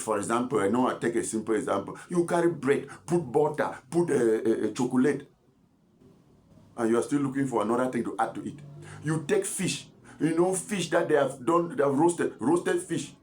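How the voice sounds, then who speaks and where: A man's voice: mid-range voice, darkish tone. Chatty scolding man. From Cameroon. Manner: chatty, scolding, rambling with repeated words and asides. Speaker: doctor giving health advice. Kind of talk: informal health talk to camera.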